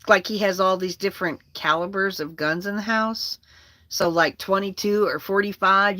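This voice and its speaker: Woman storyteller, bright and sharp in tone, candid and profane, casual delivery. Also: mid-range voice, animated, a little fast, no room sound.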